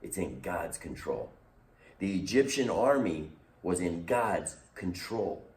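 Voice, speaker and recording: A man teaching a youth lesson in a lively, animated way, acting out the voices he quotes. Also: sits low, slow, echoey room, far from the mic, slight background noise. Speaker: youth pastor.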